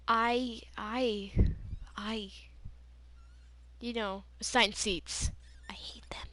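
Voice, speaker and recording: A woman's voice: a little high, fairly bright tone. A teenage girl telling a rambling, giggly story in a casual chat, full of "like" and "you know.". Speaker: gaming channel host.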